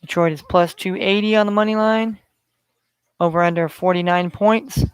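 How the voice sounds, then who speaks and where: A man's voice: high-pitched, fairly even intonation, moderate pace, clean tone, dry recording. A man hosting a solo sports betting podcast, talking in a rambling way with many fillers. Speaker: podcast host.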